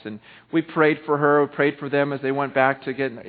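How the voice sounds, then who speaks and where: A man's voice: medium pitch, fairly even intonation, moderate pace, hardly any pauses. Man preaching in an echoey church hall. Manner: impassioned preaching that swings from loud to hushed. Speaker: pastor. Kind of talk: sermon. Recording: echoey hall over tinny phone-like audio.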